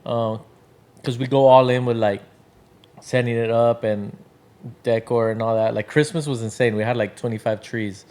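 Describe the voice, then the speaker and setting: A man's voice: mid-range voice, fairly even intonation, normal speed, mellow. Casual, rambling man at a podcast mic. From Washington state, Tri-Cities area. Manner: loose, filler-heavy storytelling with acted-out quotes. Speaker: podcast guest, drink brand founder.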